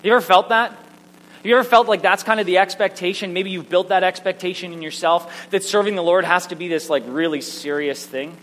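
A man preaching a sermon, telling personal stories in an animated, self-mocking way. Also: high voice, brisk. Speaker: pastor. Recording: echoey hall with faint hum.

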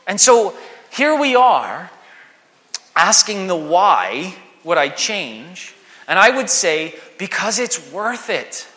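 A man delivers an animated sermon, slipping into quoted voices as he goes. His voice sits high and sounds bright and forceful. The sound hangs in a long hall reverb. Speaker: preacher.

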